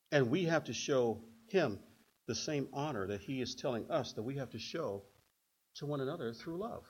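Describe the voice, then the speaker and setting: An older man preaching a sermon in an animated way, acting out stories in other voices. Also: medium pitch, slightly rough. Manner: animated, acts out quotes in put-on voices. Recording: dull lo-fi recording.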